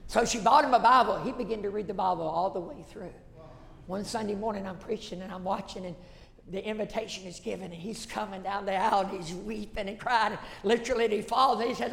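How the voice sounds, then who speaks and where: A man, a pastor telling a folksy story in a sermon that builds to shouted passion. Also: sits high, a little fast, gravelly. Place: church sanctuary. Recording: echoey church hall.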